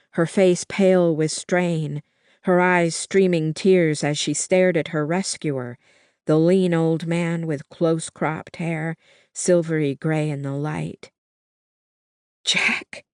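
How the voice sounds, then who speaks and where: An audiobook narrator giving steady, measured first-person novel narration. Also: mid-range voice, dry recording, studio quality.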